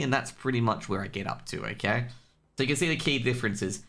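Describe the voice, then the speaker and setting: A man with an Australian accent and a low-set but bright, cutting voice. He talks as a solo stream caster, rambling and joking between points. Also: fast, vocal fry. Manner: chatty, rambling, jokey. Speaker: esports caster. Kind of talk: casual solo stream commentary.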